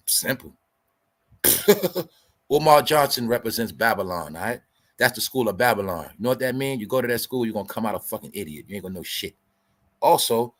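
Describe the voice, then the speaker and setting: A man hosting a commentary show, ranting in a profane, combative, lecturing way and repeating his points for emphasis. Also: medium pitch. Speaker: host. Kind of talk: commentary rant.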